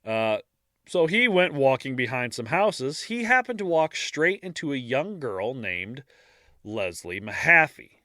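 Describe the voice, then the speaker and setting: A man co-hosting a podcast, narrating a case in a casual true-crime style and breaking off for dark jokes. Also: medium pitch, big pitch swings, a little slow, no echo, clean studio sound.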